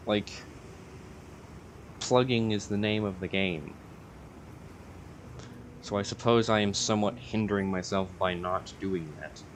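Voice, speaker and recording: Young male YouTuber, lower register, meandering and hesitant delivery, faint background hiss. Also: a bit bright. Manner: rambling, hesitant, many fillers and self-corrections. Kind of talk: casual rambling vlog monologue.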